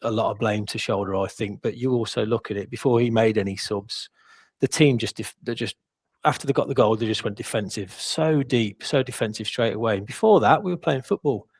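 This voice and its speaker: A man's voice: on the low side, brisk, breathy edge. A man co-hosting a football podcast, telling stories in a rambling, self-deprecating way. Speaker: podcast co-host. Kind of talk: casual chat.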